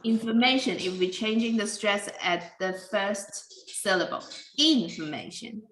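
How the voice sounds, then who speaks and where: Slow, bright-voiced woman teaching English. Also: mid-range voice, fairly even intonation, reverberant, slight background noise, low-quality recording. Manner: careful, deliberate, with simple non-native grammar. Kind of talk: slow classroom explanation.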